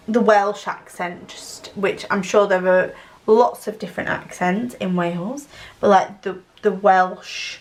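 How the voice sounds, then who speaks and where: A young woman with a Yorkshire accent chats unhurriedly, circling back on her words with plenty of fillers as she talks her way through a craft session. Her voice sits at an ordinary middle pitch. The room around her gives a noticeable echo. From Northern England. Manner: rambling, chatty, lots of fillers. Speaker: diamond painting channel host. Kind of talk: casual chat while crafting.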